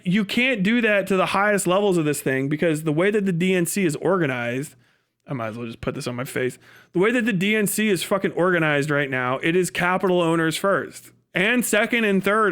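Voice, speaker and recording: A male streamer on a live broadcast, ranting casually and emphatically with plenty of swearing. His voice sits high and comes through smooth and resonant. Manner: animated, profane, emphatic. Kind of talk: casual livestream rant.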